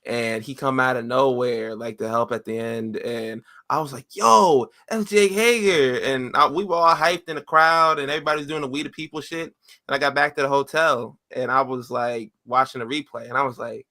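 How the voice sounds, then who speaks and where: A young man with a bright, forceful voice tells stories on a podcast. He gets excitable, acting out his past reactions in casual chat. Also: mid-range voice, a little fast. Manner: excitable storyteller. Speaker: podcast co-host. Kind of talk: casual storytelling.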